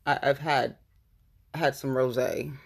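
A woman's voice: a bass voice, steady tone, unhurried, creaky. A woman hosting her podcast from home, talking casually in a blunt, heavily profane, rambling way. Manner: loose, rambling storytelling. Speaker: podcast host. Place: at home, standing on a balance board.

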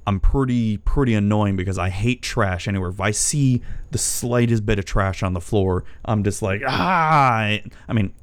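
A man's voice: on the low side, steady tone, moderate pace, hardly any pauses, clean tone. A middle-aged man casually ranting as a vlogger, profane, rambling and exasperated as he tells a story. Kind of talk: casual rant. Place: home.

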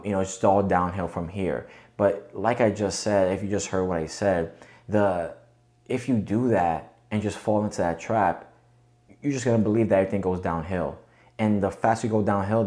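A man's voice: low-pitched, darkish tone. A man hosting a podcast, talking casually and coaching listeners with frequent rhetorical check-ins. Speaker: podcast host. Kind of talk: casual motivational monologue.

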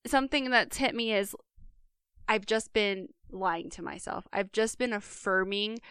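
A woman's voice: medium pitch, a bit bright, clean tone, dry recording, clean studio sound. A woman co-hosting a podcast, talking earnestly and speaking straight to listeners in a casual monologue. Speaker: podcast co-host.

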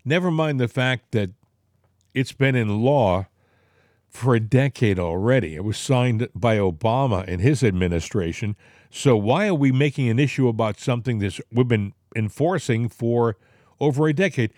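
A man's voice: medium pitch, animated, normal speed, a little mellow, no room sound, studio quality. A man with a Boston accent hosting a political talk show, rambling and indignant with plenty of filler words. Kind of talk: casual political chat.

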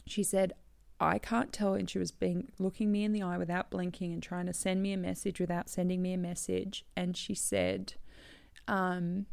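A woman with a strongly gravelly, creaky voice speaks through tears. She halts and restarts, sometimes falling to a broken whisper. The sound is dry and close, with no room around it. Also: on the low side, darkish tone, no room sound. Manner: halting, tearful, drops to whispers. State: crying. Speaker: bereaved daughter telling her story. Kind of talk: emotional personal testimony.

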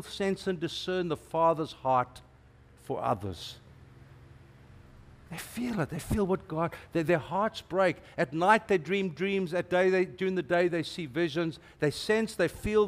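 A middle-aged man, preaching a sermon as a guest preacher in an animated, emphatic way with playful asides. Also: a little high.

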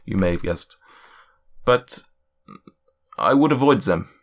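A man voicing a kindly, worried male cloud giant in a put-on German accent, speaking slowly in drawn-out, solemn pronouncements. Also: lowish voice, lively intonation. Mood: explaining. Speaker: game master.

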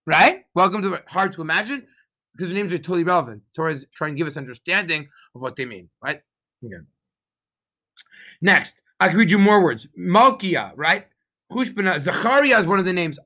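A man, a rabbi, giving an animated sermon outdoors, often asking his listeners questions. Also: on the high side.

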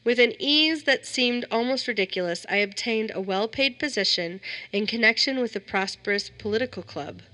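Woman narrator, bright voice, steady measured horror-story reading. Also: a little high. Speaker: story reader.

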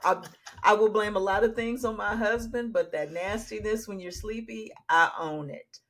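A woman co-hosting a podcast in casual chat, telling lively stories with emphatic turns and laughs. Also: mid-range voice, normal speed. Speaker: podcast co-host.

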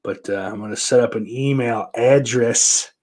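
A man's voice: mid-range voice, moderate pace, a little mellow. A man hosting his own show, talking in a loose, rambling, profanity-heavy monologue. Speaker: podcast host.

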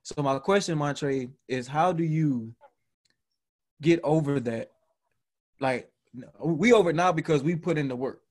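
A man's voice: measured pace, long pauses. A man hosting a casual group podcast, talking loosely with fillers and frequent laughter. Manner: laughs a lot, jumps into high voices to mimic people. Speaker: podcast host.

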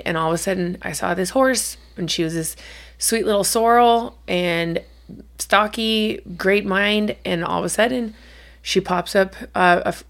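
Middle-aged woman, chatty podcast co-host with some vocal fry, loose and casual. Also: mid-range voice, fairly bright tone. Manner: chatty storyteller, swears casually. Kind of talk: casual chat.

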